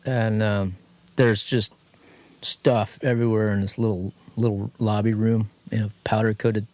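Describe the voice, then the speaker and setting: A man's voice: lowish voice, measured pace, dry recording. Chatty Californian man with a dry sound. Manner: rambling, animated anecdote telling, quotes others in lively voices. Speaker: podcast co-host. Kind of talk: casual garage chat, storytelling. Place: home studio.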